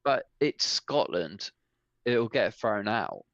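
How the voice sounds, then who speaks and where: Exasperated guy, low-voiced, dry close sound. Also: lively intonation, slow, no echo. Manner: ranting, exasperated, swears. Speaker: podcast co-host. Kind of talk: casual chat. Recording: dull lo-fi sound.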